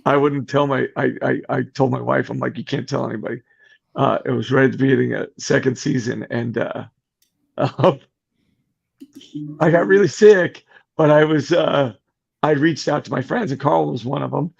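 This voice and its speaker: Gravelly middle-aged man telling a story. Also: medium pitch, moderate pace. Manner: animated, acts out quoted voices. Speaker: podcast guest. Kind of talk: casual storytelling. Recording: muffled lo-fi podcast audio.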